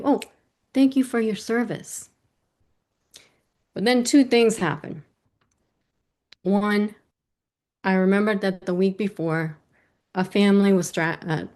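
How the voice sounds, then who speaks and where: Middle-aged woman for a live story slam, lively, wry, plays the voices in her story. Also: medium pitch. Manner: lively, self-mocking, acts out quoted voices. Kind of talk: personal story told to a virtual audience.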